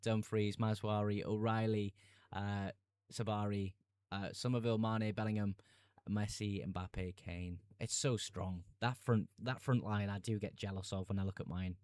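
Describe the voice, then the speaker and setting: A young man chats on a live stream in a relaxed, easygoing way, reading out viewer comments and laughing as he goes. His voice sits fairly low and sounds smooth and clear. It comes across as close and dry, with no room sound. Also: normal speed, no echo. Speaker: fantasy football streamer. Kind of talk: casual live-stream chat.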